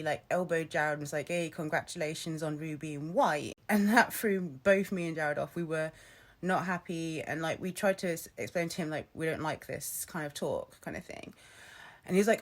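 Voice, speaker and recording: A young woman vents to her camera in a casual, chatty rant. Her voice sits a little low, and she swears freely, with quick laughs between stories. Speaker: vlogger.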